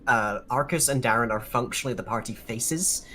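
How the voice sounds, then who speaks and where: A player chatting casually at a tabletop game, joking with quick stammering restarts. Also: medium pitch, fairly bright tone, a little hiss or hum.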